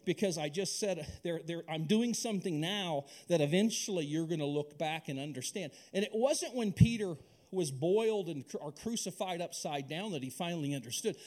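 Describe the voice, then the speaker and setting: A middle-aged male pastor from Alaska preaching a sermon, telling a personal story in an animated, conversational way with many restarts. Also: a little high, moderate pace, hardly any pauses.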